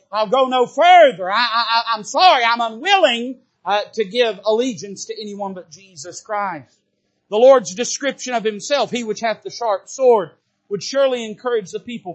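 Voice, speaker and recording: A man preaching a church sermon with fervor, at times rising to a shout. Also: high voice. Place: church service.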